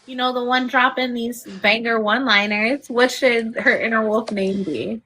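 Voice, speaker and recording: A woman's voice: a little high, fairly even intonation, normal speed, bright, forceful tone, a little hiss or hum, poor audio. Playful, teasing woman co-host. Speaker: book club co-host. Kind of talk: casual live-stream chat.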